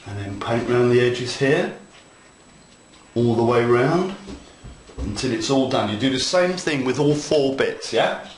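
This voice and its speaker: A man's voice: medium pitch, lively intonation, a little slow, long pauses. A man giving a casual hands-on model railroad tutorial, chatty, playful and enthusiastic as he talks viewers through his work. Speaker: model railroad hobby instructor. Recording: echoey room with faint noise.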